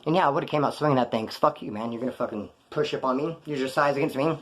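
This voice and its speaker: A man with a mid-range voice talks very fast, casually telling prison stories. He's blunt, profane, and heavy on slang, acting out the dialogue as he goes.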